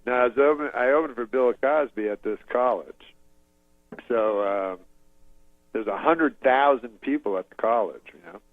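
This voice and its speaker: A man from Canada, a comedian appearing as a talk show guest, telling a long anecdote in a halting, deadpan way. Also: mid-range voice, no room sound, narrow, tinny audio. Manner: halting, deadpan, full of fillers and restarts. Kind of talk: casual rambling anecdote.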